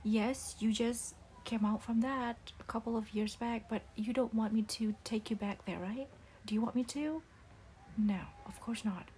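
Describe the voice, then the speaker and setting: A hurt but stern single mother scolds softly in a whispered role-play, as a young woman acts her out. The voice sits a little high yet sounds mellow and warm, halting over its words. A faint hiss lies under it. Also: close to an everyday voice. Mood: hurt, disappointed. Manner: soft-spoken, halting with restarts.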